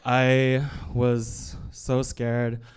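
A man's voice: medium pitch, completely flat delivery, drawn-out words, smooth. A man doing live comic storytelling on stage, chatty and self-deprecating with lots of asides and fillers. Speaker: stand-up comedian. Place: live evening show on stage.

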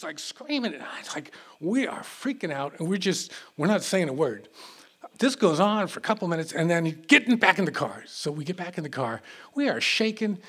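A man with a high, husky voice tells a story live on a theater stage. He is animated and halting, often stumbling and restarting his words, and his tone is bright.

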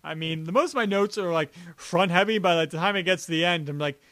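A man co-hosting a podcast in casual, rambling chat, sarcastic and quick to laugh. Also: high voice, sharp tone, no echo. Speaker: podcast co-host.

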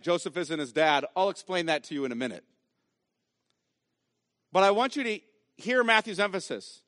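A man's voice: high-pitched, pushed and bright, no echo, studio quality. A man preaching a sermon as pastor, emphatic and repeating key phrases for weight.

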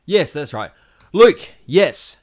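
A man's voice: on the high side, slow pace. A man co-hosting a podcast, chatting casually and often restarting his sentences. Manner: animated, restarts and self-corrections. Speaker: podcast co-host. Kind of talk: casual whisky podcast chat.

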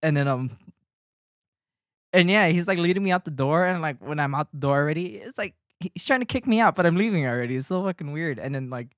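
A man on a podcast telling a story in casual chat, animated, swearing and laughing as he gets worked up. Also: on the high side, quick pace, no room sound, studio quality.

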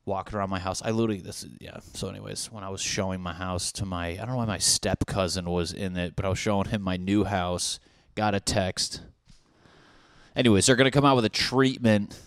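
Young male podcast host, fairly low voice, dry close mic, rambling and foul-mouthed. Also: fairly quick, clean tone, no room sound. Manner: profane, rambling, excitable. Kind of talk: casual rambling monologue.

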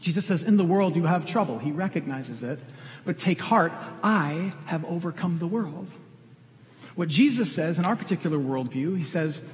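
A middle-aged pastor preaches earnestly and directly, pressing questions on his congregation in a fairly high, expressive voice at normal speed. The long reverb of a large hall surrounds him.

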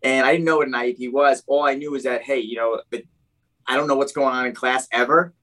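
A man's voice: mid-range voice, fairly even intonation, fast talker, pushed and bright, low-quality recording. A man from New Jersey telling his life story in a casual, rambling way, packed with "like" and "you know".

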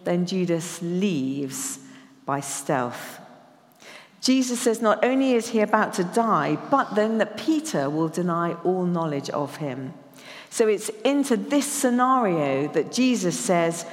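Woman preacher, slightly low voice, conversational sermon with echoey church reverb. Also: expressive. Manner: conversational, reads scripture slowly and emphatically.

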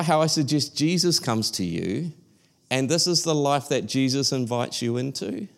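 A man giving a sermon at a church service, talking casually with frequent restarts and emphatic repetition. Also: mid-range voice. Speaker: preacher.

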